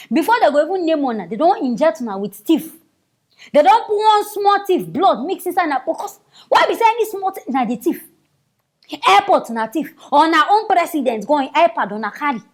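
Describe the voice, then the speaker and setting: A Nigerian woman delivers casual news commentary, mocking and exclamatory as she talks. Her voice sits high and swings widely up and down. She keeps a chatty tone.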